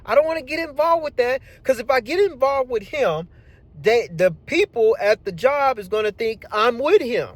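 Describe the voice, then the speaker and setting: A man telling a personal work story in a casual, animated, slangy way, as a channel host. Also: extremely high pitch, moderate pace, dry recording. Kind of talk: storytelling vlog.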